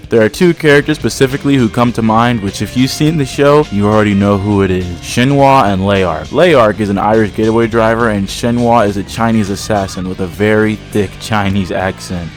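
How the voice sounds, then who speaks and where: A man in a casual, irreverent scripted commentary, joking as he talks to his viewers. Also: lowish voice. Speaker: video essayist.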